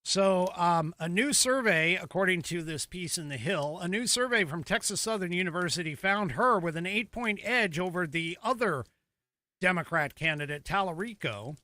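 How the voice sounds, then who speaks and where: Combative, bright-voiced American male host. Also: sits high, expressive, moderate pace, dry recording. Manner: combative, mocking, rising emphatic delivery. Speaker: podcast host. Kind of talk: solo political commentary.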